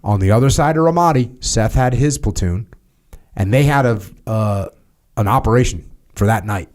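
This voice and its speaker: An American man, a former Navy SEAL leader, talking through leadership in a steady, matter-of-fact podcast conversation with casual fillers. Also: fairly low pitch, normal speed. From United States.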